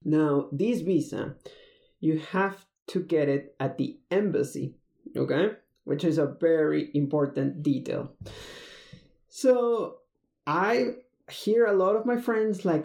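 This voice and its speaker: Casual storyteller; dark, gravelly tone, loose and rambling, recorded in an echoey room. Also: medium pitch, expressive, a little slow. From Mexico. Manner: rambling, many fillers and restarts. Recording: roomy echo.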